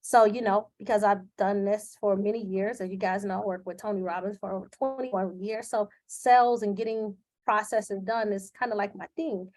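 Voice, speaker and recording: A woman's voice: mid-range voice, fairly even intonation, normal speed, hardly any pauses, darkish tone. A woman speaking live into her computer camera, candid and emotional, with many fillers. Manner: earnest, emotional, with frequent fillers. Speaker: live video host. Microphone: webcam on a computer.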